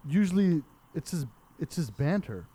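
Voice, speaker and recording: Lively joking young man, podcast co-host. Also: a little high, normal speed, breathy edge. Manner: joking, animated, swears freely. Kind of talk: casual chat.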